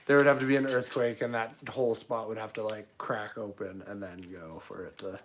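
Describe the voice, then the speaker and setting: A man's voice: on the low side, steady tone, a little fast, a little hiss or hum. A man from Canada with a Canadian accent, a knifemaker chatting casually and jokingly to his livestream while he works. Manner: offhand, joking, mumbling asides to chat. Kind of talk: casual live-stream chat while working.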